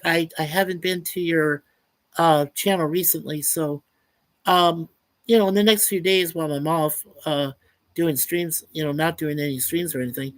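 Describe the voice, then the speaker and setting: A man's voice: a little high, a bit bright, no room sound. A man hosting a casual livestream, chatting upbeat and reading out viewers' chat messages. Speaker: livestream host.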